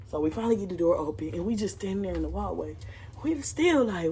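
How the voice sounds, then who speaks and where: Young woman, storytime vlog, slangy and profane, slightly low voice. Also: quick pace, slight background noise. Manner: profane, animated retelling with slang. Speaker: storytime vlogger. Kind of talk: casual storytelling.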